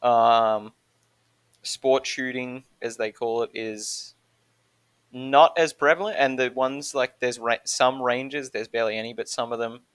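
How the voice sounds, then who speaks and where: A man's voice: medium pitch, a bit bright, no echo. Laughing Australian man, dry sound. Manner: rambling, self-interrupting, laughs often mid-sentence. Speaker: podcast guest. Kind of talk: casual chat.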